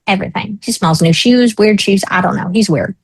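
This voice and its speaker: Woman, thirties, talk show guest, frank storyteller, plays the other voices, mid pitch, dry close sound. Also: a little fast, breathy edge, no echo, low-quality recording. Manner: lively, frank, acts out quoted voices. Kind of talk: personal storytelling in a conversation.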